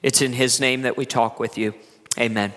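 A man from Virginia, preaching a sermon in a lively, conversational way in a church. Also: mid-range voice, normal speed. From West Virginia. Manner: lively, conversational preaching with laughs and acted asides. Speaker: pastor. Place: church sanctuary. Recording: long hall reverb.

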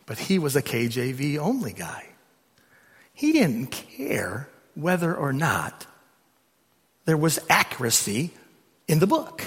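A middle-aged male pastor preaches with a bright, forceful tone and a fairly high voice. He builds to loud, emphatic peaks. His voice rings through the long reverb of a church sanctuary. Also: sing-song, unhurried, breathy edge. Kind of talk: sermon. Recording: long reverb of a large hall.

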